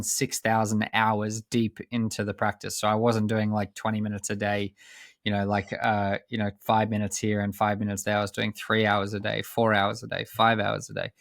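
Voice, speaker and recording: Low-voiced man telling his story earnestly. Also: completely flat delivery, gravelly, no echo, clean studio sound. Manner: measured and earnest, with frequent pauses and restarts. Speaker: high performance coach, podcast guest. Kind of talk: reflective personal storytelling.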